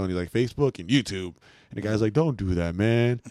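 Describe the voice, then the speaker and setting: A man co-hosting a casual chat, telling a story quickly and acting out what others said. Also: lowish voice, steady tone, dark tone, dry recording, clean studio sound. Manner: rapid storytelling, acting out quotes.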